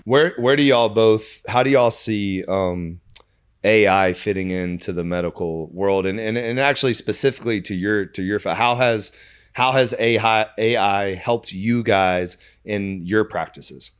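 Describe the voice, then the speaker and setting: Man, low voice, podcast host, relaxed, lots of fillers. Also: a little slow, smooth. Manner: relaxed, filler-heavy, says "like" often. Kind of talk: casual podcast conversation.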